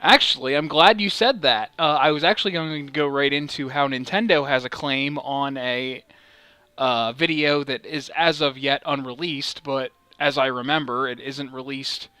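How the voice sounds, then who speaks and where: A man hosting a let's play with a bright, tense edge to his voice and a smooth, crisp tone. He rambles casually, swears freely and pokes fun at himself. The recording is close and dry. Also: medium pitch, fairly even intonation, normal speed, dry recording. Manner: rambling, profane and self-mocking. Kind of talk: casual gaming chat.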